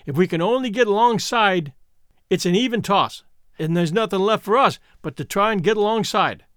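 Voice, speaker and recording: A man reading a steady, determined patrolman. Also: sits high, normal speed, dry recording, studio quality. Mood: firm, calm. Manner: calm and firm, turning hushed in tense moments.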